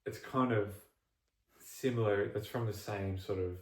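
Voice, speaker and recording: A man's voice: fairly low pitch, fairly even intonation, a little slow. An Australian man co-hosting a podcast, chatting casually and rambling with many restarts and fillers. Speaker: podcast co-host. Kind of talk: casual chat. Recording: roomy, distant from the mic.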